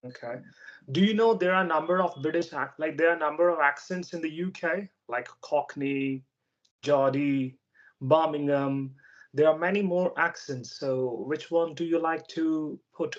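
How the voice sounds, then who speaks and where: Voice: medium pitch, normal speed. An adult interviewer with a mid-range voice runs a casual English practice chat. They speak hesitantly, stopping often for fillers, and patiently explain ideas. The audio is slightly dull and lo-fi.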